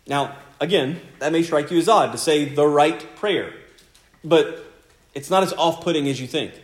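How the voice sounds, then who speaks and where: A man's voice: fairly high pitch, moderate pace. A male pastor preaching a sermon in an earnest, conversational way, often repeating key phrases. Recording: echoey room sound.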